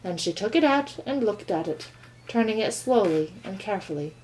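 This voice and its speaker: A woman reading a children's novel aloud with calm, expressive storytelling. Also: medium pitch, moderate pace, a little hiss or hum, rough recording. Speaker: reader.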